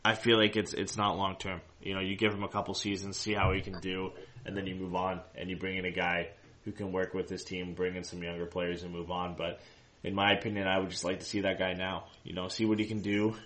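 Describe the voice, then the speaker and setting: A man with a very deep voice co-hosts a casual fan podcast. He talks in long, loose sentences and keeps restarting his thoughts. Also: little pitch movement, a little fast, fairly bright tone, slight background noise. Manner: rambling, many restarts and fillers. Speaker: co-host of a hockey fan show.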